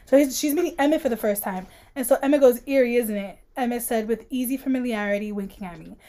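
A woman's voice: fairly high pitch, fast talker, mellow. A woman co-hosting a casual podcast, reading book passages aloud and joking, laughing often. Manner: reads dramatically, laughs often, playful. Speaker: podcast co-host.

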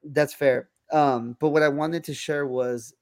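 A man's voice: a little high, steady tone, a little slow, darkish tone, no room sound, clean studio sound. A young man co-hosting a podcast in loose casual chat, swearing freely with lots of fillers and restarts. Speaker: podcast co-host.

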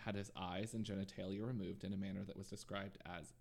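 A man hosting a podcast, narrating a true crime case in a relaxed way with frequent ums and asides. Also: low-pitched, quick pace, gravelly. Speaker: podcast host.

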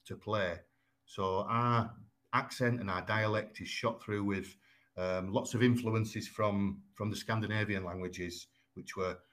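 A man from Yorkshire with a Yorkshire accent, talking as a guest and explaining things in a measured way, with frequent ums and small restarts. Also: low-pitched, fairly bright tone. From Yorkshire, England. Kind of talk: conversational explaining.

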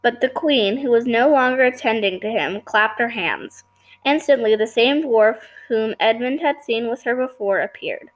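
Bright-voiced woman reading a storybook. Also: a little high, expressive, moderate pace, rough recording. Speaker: storybook reader and podcast host. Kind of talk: reading a children's novel aloud.

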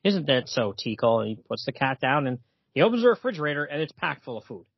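Husky man chatting about comics. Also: a little high, sing-song, fast talker, no echo, lo-fi sound. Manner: reads comic dialogue aloud with laughs. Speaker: podcast co-host. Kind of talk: casual comic book discussion.

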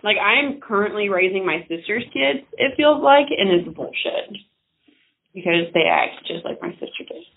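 A young woman telling stories in casual chat, acting out loud quotes with big swings. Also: medium pitch, moderate pace, gravelly, a little hiss or hum. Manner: animated storyteller, swings into loud mock quotes. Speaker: podcast co-host. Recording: tinny phone-like audio.

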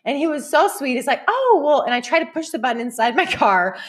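A woman hosting a podcast chats casually and tells stories straight to her listeners, often breaking into laughter. Her fairly high voice has lively intonation, and she talks fast.

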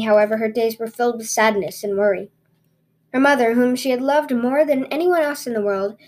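A woman's voice: fairly high pitch, a little mellow. A woman hosting a podcast, reading fairy tales aloud expressively with small stumbles and restarts. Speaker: podcast host and storyteller.

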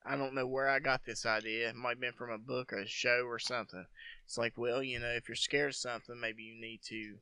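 A man's voice: mid-range voice, fairly quick, clear, resonant tone, no echo. A man telling a long story in a casual, profane chat, acting out what people said. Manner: profane, animated storyteller who acts out quotes.

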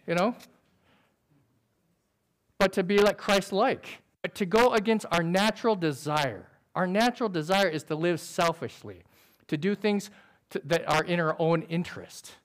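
High-voiced man preaching earnestly. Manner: earnest, conversational, with quick illustrations; describes himself as sober by nature. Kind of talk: sermon.

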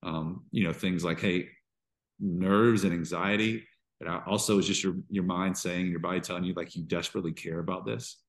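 A man with a very deep, low voice shares his personal struggles as a podcast guest. He talks in halting bursts, restarting sentences and circling back as he works through what he feels. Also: fairly even intonation. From Georgia. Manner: halting, restarts often, emotional storytelling. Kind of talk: candid interview conversation.

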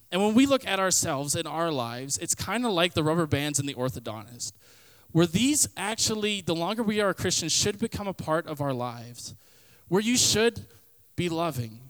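A young man gives a youth sermon as a relaxed personal story, dropping fillers and acting out his own past lines for laughs. His voice sits a little high and comes through smooth and clear. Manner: casual storytelling with comic quoted voices; frequent fillers like "like" and "kinda". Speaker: youth pastor.

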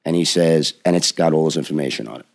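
Gravelly low-voiced man telling a story. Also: quick pace. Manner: acts out the people in his story, lively and emphatic. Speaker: podcast guest. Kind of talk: animated storytelling in a podcast chat.

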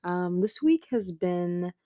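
A woman's voice: lowish voice, expressive, slow, dark tone, no echo, clean studio sound. A tired teenage girl hosting her own podcast from her bed at home, rambling casually with lots of fillers and giggles. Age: teens. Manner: rambling, giggly, many fillers and self-interruptions. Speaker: podcast host. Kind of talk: casual chat. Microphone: home podcast mic.

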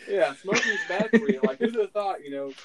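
A man's voice: sits high, lively intonation, brisk, a loud crowd, poor audio. A man co-hosting a podcast in a laid-back, chatty way, laughing easily. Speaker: podcast co-host. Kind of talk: casual podcast chat.

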